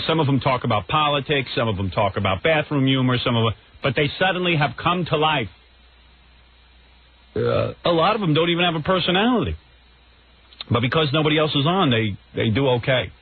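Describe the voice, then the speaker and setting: Brash ranting radio host, tinny sound. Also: male voice, on the high side, slight background noise. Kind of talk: radio rant. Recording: tinny phone-like radio recording.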